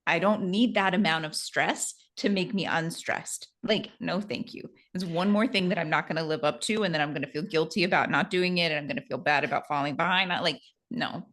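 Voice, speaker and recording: A woman's voice: fairly low pitch, a little fast, fairly bright tone. A woman co-hosting a podcast who chats casually and makes dry, wry jokes. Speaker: podcast co-host. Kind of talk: casual chat.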